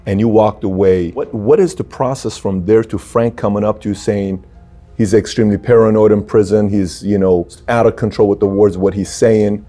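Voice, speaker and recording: A man's voice: on the low side, fairly even intonation, normal speed, warm tone, soft background music. A man interviewing a guest, recapping the story before asking probing questions.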